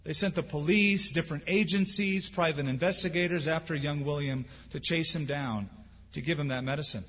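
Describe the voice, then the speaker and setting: A man's voice: fairly high pitch, brisk, fairly bright tone. A man preaching a sermon as pastor, earnest and emphatic, with rhetorical questions. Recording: dull lo-fi sound with long hall reverb.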